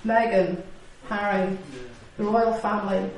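A woman's voice: medium pitch, level tone, measured pace, darkish tone. A woman with an Irish accent preaching a sermon, full of rhetorical questions and acted-out quotes. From Northern Ireland or Ireland, living in Britain. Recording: echoey hall, distant mic, faint noise.

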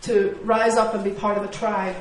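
A woman's voice: medium pitch, level tone, moderate pace. A woman with an Irish accent preaching a sermon, full of rhetorical questions and acted-out quotes. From Northern Ireland or Ireland, living in Britain. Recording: echoey hall, distant mic, faint noise.

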